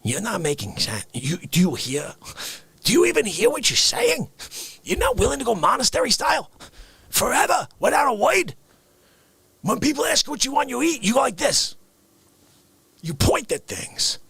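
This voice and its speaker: A man hosting a livestream, riffing comedically and swinging between loud shouts and hushed whispers. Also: extremely high pitch, wildly swooping pitch, moderate pace, creaky, long pauses, husky, dry recording. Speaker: livestream host. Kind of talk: rambling comedic riff.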